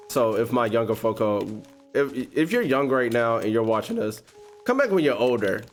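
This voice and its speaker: A man tells a story while playing a game, his voice leaping up and down in pitch with huge swings. He talks in slang, laughs often, and keeps a middle-pitched voice. Faint game music plays behind him. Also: moderate pace. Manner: expressive, slangy, breaks into laughter. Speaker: gaming YouTuber host.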